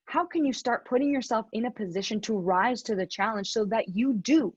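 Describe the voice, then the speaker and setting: A woman giving a motivational talk, telling an animated story and laughing often as she speaks. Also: on the high side, a little fast, slightly rough, dry recording, highs cut off.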